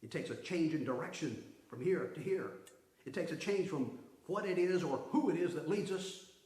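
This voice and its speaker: A man preaching a sermon with a slightly high voice, pressing his points hard and then dropping to a hush. He is the pastor, speaking in a church sanctuary with a roomy echo behind his words. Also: lively intonation, moderate pace. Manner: emphatic preaching with swings from loud to hushed.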